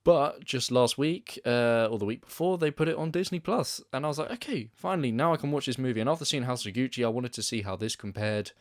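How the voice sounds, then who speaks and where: A man's voice: mid-range voice, a little fast, few pauses, no echo, studio quality. A young man giving a casual film review, rambling and hesitant with lots of restarts and fillers.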